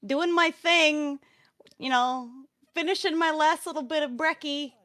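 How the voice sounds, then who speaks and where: A woman's voice: high-pitched, measured pace, sharp tone, no room sound, studio quality. A woman joining a live stream, chatting casually with a giggly, apologetic manner. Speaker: stream co-host.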